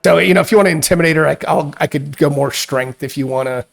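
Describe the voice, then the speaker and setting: Halting man narrating as game master. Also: on the high side, gravelly. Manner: halting, many restarts and fillers.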